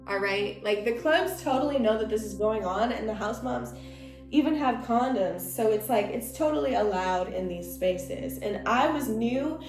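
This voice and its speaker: A woman's voice: fairly high pitch, darkish tone. A young woman casually telling a personal story during a stretch session, chatty and heated, with lots of "like". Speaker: vlog host and former dancer. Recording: echoey room with faint music.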